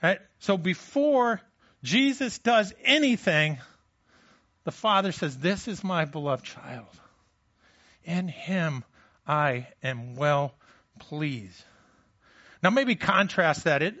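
Man preaching conversationally, slightly high voice. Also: fairly bright tone, dull audio. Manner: conversational preaching, questions to the congregation. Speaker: pastor. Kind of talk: sermon.

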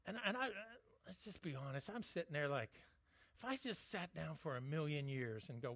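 High-pitched guy preaching, chatty and jokey, dry muffled sound. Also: lively intonation, a little fast, fairly bright tone, no echo. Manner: conversational, jokey, frequent restarts. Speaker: pastor. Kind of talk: sermon.

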